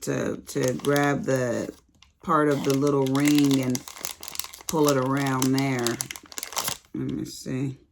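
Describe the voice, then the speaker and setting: A woman's voice: very deep voice, steady tone, slow pace, vocal fry, long pauses, background noise. A middle-aged woman chatting casually to her viewers while unboxing craft supplies, calling them honey. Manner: chatty, calls viewers honey, Southern-tinged slang. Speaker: craft vlogger.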